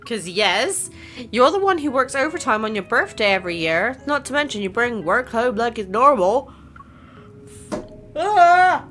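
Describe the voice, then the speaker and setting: Over soft background music, this woman hosts a casual game playthrough on her gaming channel, chatting, reacting and reading the story aloud. Her voice is a little high, bright, forceful and very animated, at a normal speed.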